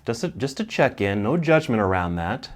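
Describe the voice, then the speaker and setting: A middle-aged man teaching a yoga class, calmly cueing poses and breaths, slightly out of breath. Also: lowish voice, normal speed. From United States. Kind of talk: guided yoga class instruction.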